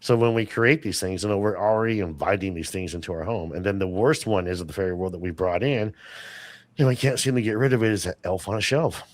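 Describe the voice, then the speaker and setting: Speaking quickly in a low voice, this podcast guest drifts through lengthy anecdotes during a casual interview chat, constantly restarting sentences and leaning on filler words.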